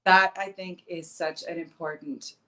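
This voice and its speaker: Low-voiced woman co-host, soft and distant. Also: fairly even intonation, measured pace. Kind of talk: casual talk show chat. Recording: voice distant from the mic.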